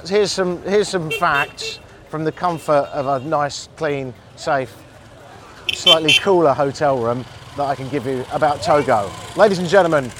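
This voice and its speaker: A man's voice: on the high side, noisy background. A man hosting a travel podcast while walking through an outdoor street market, chatting with wry, rambling asides. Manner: rambling, wry asides and quick self-corrections.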